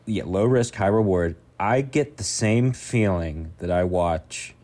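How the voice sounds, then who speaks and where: A man's voice: fairly low pitch, unhurried, dark tone. A man co-hosting a podcast, rambling and joking in loose banter with his co-host. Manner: goofy, rambling, jokey.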